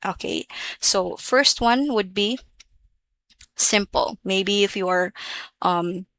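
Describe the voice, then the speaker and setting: A woman giving a casual language lesson, relaxed and chatty, repeating example phrases. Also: medium pitch, slow pace. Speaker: language teacher.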